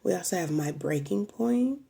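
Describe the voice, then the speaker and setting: A woman's voice: fairly low pitch, animated, moderate pace, creaky, mellow, breathy edge. A woman giving a casual, emotional tarot reading straight to her viewers, chatting freely and swearing now and then. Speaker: tarot reader.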